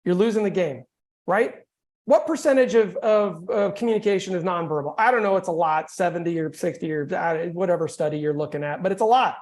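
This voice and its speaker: A man coaching real estate agents on a video call, energetic and joking in a casual, conversational way. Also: sits high, fairly quick.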